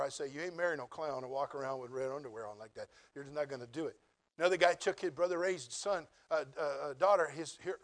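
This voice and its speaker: Folksy, humorous male preacher. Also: high-pitched. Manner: folksy, humorous, animated storytelling. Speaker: preacher and Bible college teacher. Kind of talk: storytelling sermon.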